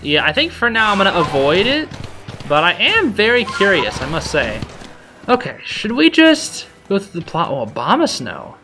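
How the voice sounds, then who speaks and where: A young adult host giving chatty, excitable blind let's-play commentary and talking to the creatures on screen. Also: medium pitch, moderate pace, soft background music. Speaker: gaming channel host.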